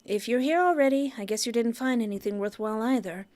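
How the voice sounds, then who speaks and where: A woman's voice: fairly high pitch, fast talker, darkish tone, pitched above the performer's own voice, natural voice. A woman doing a dry, sardonic vampire detective. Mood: dry, wry. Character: brash, flirtatious female vampire detective. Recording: background music under the voice.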